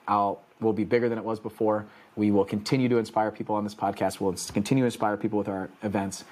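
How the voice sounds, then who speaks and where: Earnest motivational man, lowish voice. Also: darkish tone. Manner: earnest, preaching, repetitive emphatic phrasing. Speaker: podcast host. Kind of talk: motivational podcast monologue.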